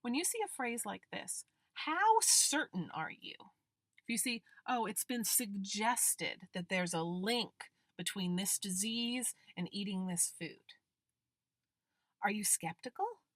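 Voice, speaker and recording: A woman's voice: medium pitch, lively intonation, fairly bright tone, no room sound. A woman grammar instructor giving a recorded lecture, working through examples step by step. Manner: deliberate, explaining with worked examples.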